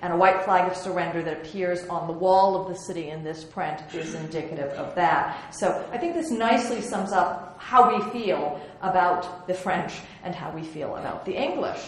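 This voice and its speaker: A woman's voice: lowish voice, normal speed, few pauses. Chatty woman lecturing in an echoey hall. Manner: chatty and wry, with many ums and restarts. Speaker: museum curator giving an illustrated lecture. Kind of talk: slide lecture on historical prints. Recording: very echoey room with faint hiss.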